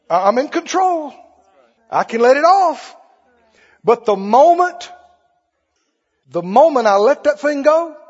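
A man's voice: extremely high pitch, breathy edge. A man preaching a sermon in a conversational way, asking the congregation questions and acting out little scenes. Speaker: pastor. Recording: dull lo-fi audio with long hall reverb.

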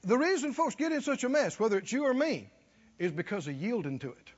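A man's voice: extremely high pitch, sing-song, fairly quick, big-room sound. A man preaching a sermon, folksy and chuckling, calling out to his listeners to respond. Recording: dull lo-fi recording.

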